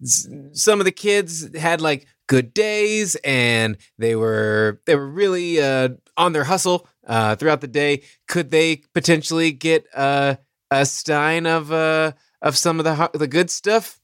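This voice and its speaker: A man in an improvised comedy chat, halting and full of fillers. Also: on the high side, fairly bright tone, clear, resonant tone, no room sound, clean studio sound. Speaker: improv player.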